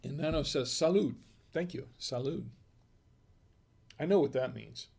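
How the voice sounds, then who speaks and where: A man's voice: medium pitch, measured pace, gravelly, darkish tone, slightly rough. A man hosting a wine-tasting livestream, chatting casually, reading viewers' messages aloud and asking them questions. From United States. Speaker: wine review livestream host.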